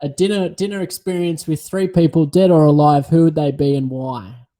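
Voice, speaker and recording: A man's voice: a little high, steady tone, normal speed, mellow. A man hosting a podcast, asking informal questions in a casual interview chat. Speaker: podcast host.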